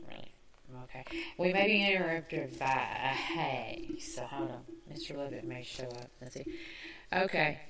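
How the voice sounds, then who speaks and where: A woman from the American South with a Southern accent, hosting a podcast in a chatty, self-mocking way with quick asides. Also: rumbling low, fairly bright tone. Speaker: podcast host. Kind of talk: casual chat. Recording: echoey room, mic at a distance.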